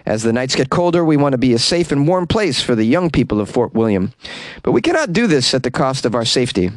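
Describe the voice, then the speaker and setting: A man's voice: mid-range voice, sing-song, quick pace. A man with a mid-range voice reads weird news stories and keeps breaking off into sarcastic jokes about them. The sound is close and dry, with no room echo. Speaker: podcast host. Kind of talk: comedic news commentary. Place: small closet.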